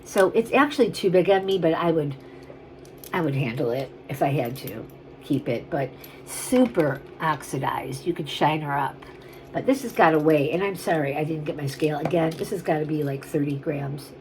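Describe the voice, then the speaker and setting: A woman's voice: low voice, expressive, normal speed, darkish tone, a little hiss or hum, low-quality recording. A woman chatting casually on camera as she shows and sells vintage jewelry, rambling and gushing over each piece. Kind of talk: casual on-camera selling chat.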